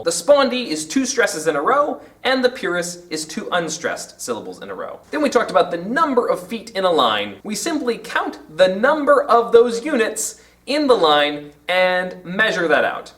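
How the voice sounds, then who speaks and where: A man hosting a literature lesson to camera, explaining in an animated way and tapping out rhythms aloud. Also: sits high, recorded from a distance. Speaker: teacher and channel host.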